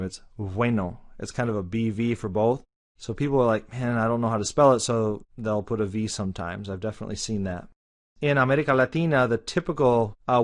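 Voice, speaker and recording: Man casually explaining a language lesson. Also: fairly low pitch. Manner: relaxed, conversational explaining. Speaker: Spanish teacher.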